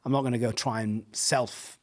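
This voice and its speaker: A middle-aged English man telling a story casually, animated, laughing often and acting out the voices he quotes. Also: mid-range voice, moderate pace. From England. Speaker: podcast guest, pastor.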